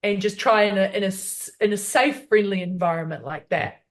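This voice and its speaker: A woman's voice: medium pitch, a little fast. Upbeat New woman comedian. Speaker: comedian guest. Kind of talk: casual interview chat.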